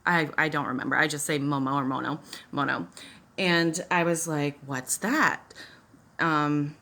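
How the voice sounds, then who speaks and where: A beauty vlogger and mother has a deep voice and fairly bright tone, speaking with flat delivery at a moderate pace. She chats casually through a makeup tutorial, telling a personal story and rambling with frequent "like" and "you know."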